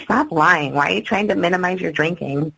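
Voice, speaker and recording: A woman's voice: lowish voice, fairly quick, vocal fry, bright, forceful tone, breathy edge, dry recording, low-quality recording. A woman in casual banter with her partner, blunt and mocking as she teases him.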